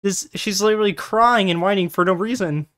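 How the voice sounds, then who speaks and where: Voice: mid-range voice, a bit bright. Incredulous, swearing gameplay reactor. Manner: incredulous, swears often, quick bursts. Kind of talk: reaction commentary.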